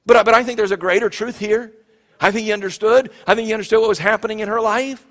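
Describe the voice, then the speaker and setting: High-voiced man preaching in a hall. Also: steady tone, quick pace, a bit bright. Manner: preaching with rising emphatic questions and frequent restarts. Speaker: pastor. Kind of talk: sermon.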